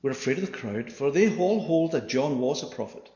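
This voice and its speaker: A man preaching a sermon and reading scripture aloud. He often asks the congregation questions and swings between loud and quiet. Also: on the high side, lively intonation, a little fast. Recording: echoey hall, dull sound.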